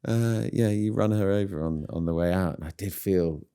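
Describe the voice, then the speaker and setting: A middle-aged man speaks with a very low, warm voice. He chats in a rueful, self-deprecating way. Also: moderate pace, clear, resonant tone. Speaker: podcast guest. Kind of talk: casual chat.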